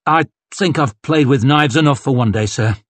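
A man's voice: mid-range voice, moderate pace, dry recording, lightly acted. A man reading an audiobook, voicing an earnest, polite young male lieutenant who speaks deferentially and apologetically.

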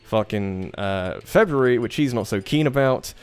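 A man's voice: fairly low pitch, lively intonation, normal speed, a little mellow, smooth. A young man streaming a fighting game, chatting casually about moving house and swearing at his opponents. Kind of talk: casual gaming commentary. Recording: faint game music behind.

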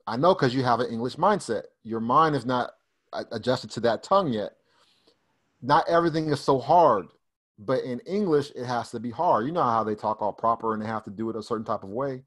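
A man leads an online study group over a video call. His pitch sits in the middle, and his explanations are loose and chatty, full of restarts and repeats. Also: fairly quick, fairly bright tone. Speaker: Bible Hebrew teacher. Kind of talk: casual online study session.

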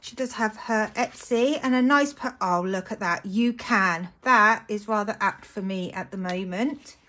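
A British woman in a casual budgeting vlog, chatty and gushing, often breaking into excited exclamations. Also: medium pitch, measured pace. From United Kingdom. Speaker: budgeting vlogger. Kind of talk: casual chat to camera.

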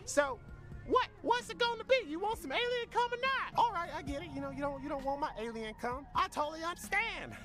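A pushy alien vendor in a video game, with a very high voice that swoops all over as it rambles through its sales pitch. Game music plays underneath. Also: female voice, expressive, brisk. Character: pushy alien vendor hawking odd goods.

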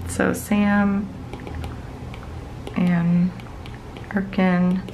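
A woman in her thirties talks in a loose, chatty way from her home office, her sentences wandering and padded with fillers. Her voice sits on the lower side. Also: little pitch movement, very slow, a little mellow, slight background noise, poor audio. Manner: rambling, many fillers like "like" and "you know". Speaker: planner vlogger. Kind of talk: casual chatty plan-with-me talk.

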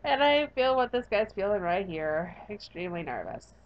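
A woman's voice: mid-range voice, moderate pace, clean tone, highs cut off. Playful young woman reading a game aloud. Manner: playful, giggly, expressive. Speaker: gaming YouTuber. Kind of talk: reading a visual novel aloud and chatting.

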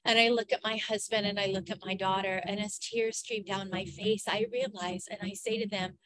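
A woman's voice: mid-range voice, normal speed, crowd noise. A middle-aged woman hosting a podcast, earnestly and emotionally recounting a personal experience. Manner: emotional, earnest, animated storytelling. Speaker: podcast host.

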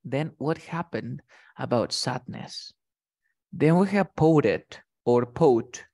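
A man teaching English words in relaxed conversation, his voice sitting at an ordinary middle pitch. He explains each term, then acts out a quick example line and checks in with his student. The pace is chatty and patient. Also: vocal fry. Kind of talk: vocabulary lesson conversation.

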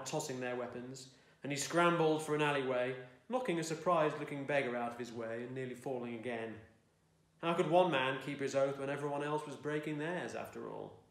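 A man's voice: mid-range voice, roomy sound. A man reading his own fiction aloud in a dry, wry storytelling manner. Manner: dry, wry storytelling, belting out the shouted lines of dialogue. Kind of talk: expressive audiobook-style reading. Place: home room.

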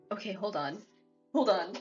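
A woman live streamer chatting casually with her viewers, excitable and gushing, often repeating herself. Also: medium pitch, dull audio.

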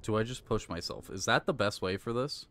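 A man's voice: on the low side, a little fast, slight background noise. A man streaming live gameplay, talking himself through each move and flaring into swearing rage between laughs. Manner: excitable, swears and rages, coaches himself aloud.

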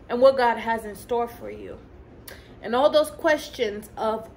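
Christian coach lady preaching encouragement, kinda high voice, slows down on the big words, faint hiss behind her. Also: a little mellow, rough recording. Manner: fervent and preachy, with casual asides and laughs. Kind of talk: motivational faith talk.

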